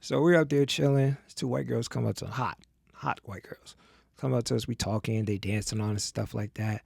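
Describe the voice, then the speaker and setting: A man with a gravelly voice at medium pitch tells a story on a podcast. He is casual and profane and acts out each person in his tale. The sound is dry and close to the mic. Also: moderate pace, no room sound. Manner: animated, profane, acts out the people in his stories. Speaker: podcast guest.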